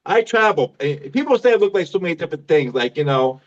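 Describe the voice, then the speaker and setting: Stand-up comic, man in his fifties, high voice, laughs at his own punchlines, dull lo-fi sound. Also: big pitch swings, fast talker. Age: 50s. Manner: self-mocking, laughs at his own jokes. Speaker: stand-up comedian. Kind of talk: stand-up comedy set.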